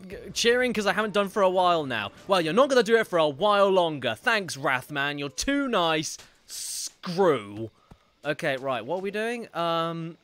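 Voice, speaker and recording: A man's voice: on the high side, fairly bright tone. A man streaming a video game live, joking around, thanking viewers for donations and reacting to scenes. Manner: joking, self-deprecating, reads out donations.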